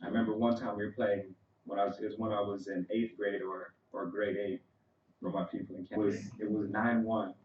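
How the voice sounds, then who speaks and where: Low-voiced man giving a eulogy in church. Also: level tone, fairly quick, roomy sound, highs cut off. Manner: conversational and storytelling, with frequent "you know" asides. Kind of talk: personal eulogy at a funeral. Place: church sanctuary.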